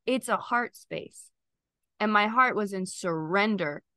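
A woman's voice: mid-range voice, measured pace, sharp tone, no echo. A woman podcast guest sharing an emotional personal testimony in an earnest, faith-filled way, close to tears.

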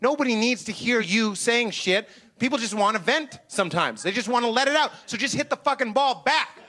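A man doing a stand-up comedy set on stage, animated and self-mocking. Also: very high voice, brisk. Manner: animated, self-mocking, slips into goofy voices. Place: comedy stage before a live audience.

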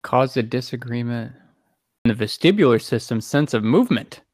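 A man's voice: mid-range voice, expressive, moderate pace, noisy background. A man co-hosting a casual podcast chat, a physical therapist explaining things plainly.

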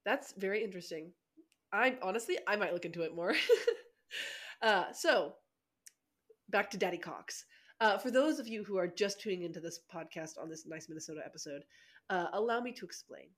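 A woman's voice: mid-range voice, expressive, fairly quick, fairly bright tone. A woman co-hosting a casual podcast, playful and giggly, who swears freely. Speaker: podcast co-host.

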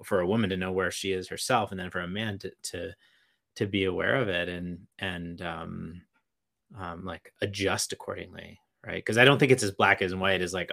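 A man's voice: deep voice, fairly even intonation, moderate pace, creaky, fairly bright tone. A man co-hosting a podcast, speaking reflectively and hesitantly with many fillers. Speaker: podcast co-host. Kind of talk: casual podcast conversation.

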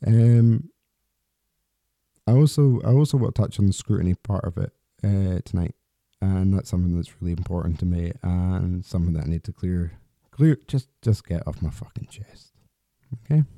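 A man's voice: sits low, moderate pace, creaky, dark tone, no room sound. A man hosting a solo podcast, talking in a rambling, candid way with restarts and the odd swear word. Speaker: podcast host.

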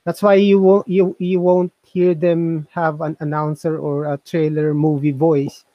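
A man's voice: fairly high pitch, little pitch movement, unhurried, no room sound, highs cut off. A man co-hosting a casual chat, talking in a hesitant, musing way full of fillers and restarts. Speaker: co-host reviewing voice software.

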